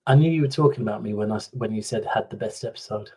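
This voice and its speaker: A man tells anecdotes in a lively, casual way, laughing easily. His voice is on the low side and a little husky. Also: racing, poor audio. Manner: animated storyteller, laughs easily. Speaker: regular guest. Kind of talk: casual chat, anecdote telling.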